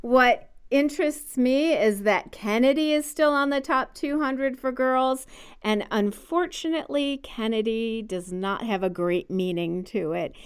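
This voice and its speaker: Chatty woman, smooth clear voice. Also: fairly high pitch, a little slow. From United States. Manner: opinionated, chatty, explains at length. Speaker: podcast co-host. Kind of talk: casual chat about baby names.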